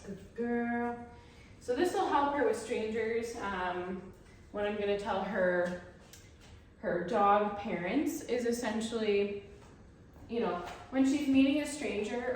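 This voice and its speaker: Lady dog trainer talking slow and chatty, mic kinda far away, really echoey, faint hiss. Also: darkish tone. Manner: talks to the viewer, breaks off for high praise to the dog. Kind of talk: explaining dog training while working with a dog.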